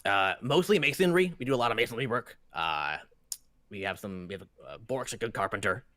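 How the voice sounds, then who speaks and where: A man's voice: on the low side, expressive, fairly bright tone, dry recording. A man doing a chatty dwarf foreman. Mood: folksy. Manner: rambling, halting with fillers. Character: gruff male dwarf foreman, chatty and folksy.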